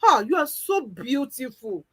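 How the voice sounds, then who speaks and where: A woman's voice: high voice, sing-song, measured pace, sharp tone, heavily acted. A woman voicing a gushing young assistant. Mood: admiring. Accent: Nigerian. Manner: gushing, deferential. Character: young admiring female personal assistant.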